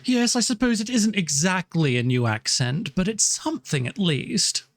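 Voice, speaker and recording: A man voicing a pompous, mock-refined English gentleman in a put-on upper-class English accent, bantering live with a stream chat. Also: high voice, very animated, normal speed, dry recording, voice pushed up. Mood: haughty. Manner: haughty, drawling, mock-refined. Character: pompous posh English gentleman, a theatrical butler.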